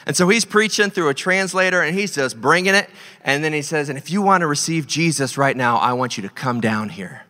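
A male pastor telling a story in a sermon, animated, swinging between loud and hushed delivery. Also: on the high side, brisk. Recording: long hall reverb.

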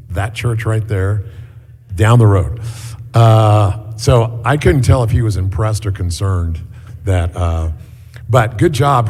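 A middle-aged man giving a sermon as a guest preacher in a church, telling stories in a relaxed, chatty way with many fillers. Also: fairly low pitch. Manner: conversational storytelling with many fillers. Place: church hall. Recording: echoey hall.

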